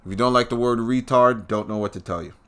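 A man's voice: medium pitch, quick pace, clean tone. A man hosting his own show, delivering a blunt, profane and combative solo rant with scornful, emphatic jabs on key words. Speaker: podcast host.

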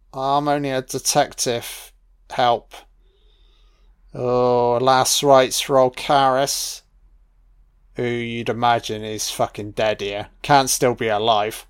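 A man's voice: medium pitch, clean tone. A man giving a casual film commentary, musing aloud with plenty of swearing and fillers.

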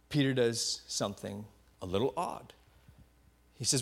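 A male pastor delivering a sermon as an unhurried story, his pitch sitting in an ordinary middle range. He paints scenes vividly, often sinking into hushed, quiet tones for weight. Now and then he repeats a word while he gathers his thought. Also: expressive, vocal fry. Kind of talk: sermon retelling a Bible story.

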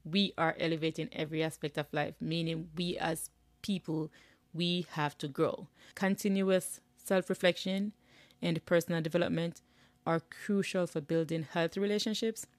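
A woman's voice: fairly low pitch, no room sound. A woman from rural Jamaica with a Jamaican accent, hosting a podcast in a chatty, frank way with frequent tag questions. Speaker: podcast host. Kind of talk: casual podcast monologue.

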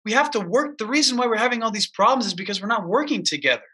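A man's voice: high-pitched, lively intonation, rapid-fire, bright, forceful tone, breathy edge. A man co-hosting a casual political chat, ranting emphatically and repeating himself for emphasis. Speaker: podcast co-host.

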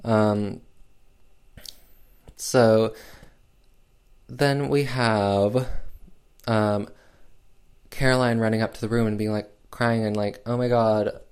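Slow, low-voiced man reviewing a film. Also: steady tone, a little mellow, clean tone. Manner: sarcastic, filler-heavy rambling.

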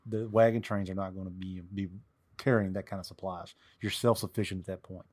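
Low-voiced man telling history anecdotes. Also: fairly even intonation, fairly quick, darkish tone. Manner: rambling, anecdotal. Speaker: co-host, history buff. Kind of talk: casual podcast chat.

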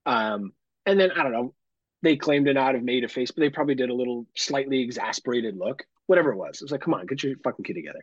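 A man co-hosting a podcast, telling a story in casual chat, animated and full of swearing. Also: mid-range voice, fast talker, dry recording. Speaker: podcast co-host. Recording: dull lo-fi sound.

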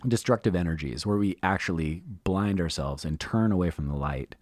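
A man hosting a podcast in a casual spiritual conversation, animated and profane with lots of slang. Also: low voice, moderate pace, no room sound, clean studio sound. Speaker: podcast host.

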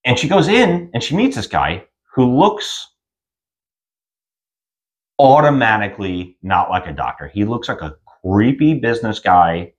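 Lively, low-voiced man recapping a movie. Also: unhurried. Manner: animated, rambling retelling with many restarts. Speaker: podcast co-host reviewing films. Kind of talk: casual chat.

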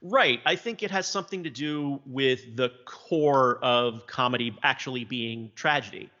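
A man from South Louisiana muses casually about television, circling his points with frequent fillers. His voice sounds bright and forward. The recording is dull and lo-fi, with a long reverb tail. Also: medium pitch, measured pace. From South Louisiana, USA. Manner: thoughtful, hesitant, many fillers.

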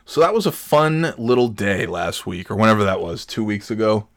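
A man hosting a podcast, telling a rambling story with exasperation, his voice jumping high when he rants. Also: sing-song, normal speed, few pauses, no room sound, clean studio sound. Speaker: podcast host. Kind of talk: casual storytelling monologue.

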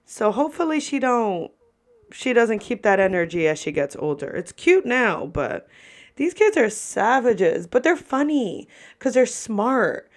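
A young woman, a podcast host who works as a server, telling stories in a casual, animated way and swearing freely. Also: a little slow. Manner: animated, profane, lively pitch swings. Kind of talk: casual storytelling.

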